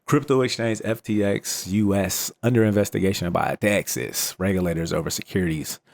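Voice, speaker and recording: A man's voice: low-pitched, gravelly, darkish tone, no echo. A man hosting a crypto channel, talking through the news in a loose, chatty way with slangy asides. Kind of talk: casual news commentary vlog.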